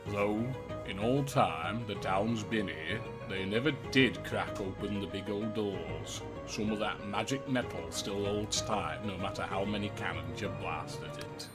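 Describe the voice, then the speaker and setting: A gruff old townsman, as a British man reads him aloud spins his tales in a slow, folksy drawl and a lowish voice. Game music plays clearly underneath. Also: close to an everyday voice. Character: gruff old male townsman, sixty years in a ruined town.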